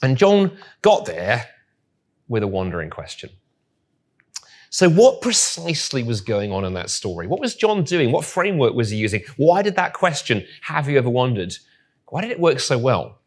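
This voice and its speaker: A man's voice: medium pitch, sing-song, normal speed. A man speaking to a live audience, telling a story with wry, humorous asides. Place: room with audience.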